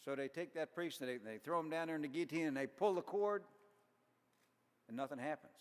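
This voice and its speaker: Older man, raised pitch, folksy deadpan joke teller, banquet speech, ringing hall reverb. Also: brisk. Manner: folksy, deadpan punchlines, chuckles at own jokes. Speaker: Army general giving a dinner speech. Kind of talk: after-dinner joke telling.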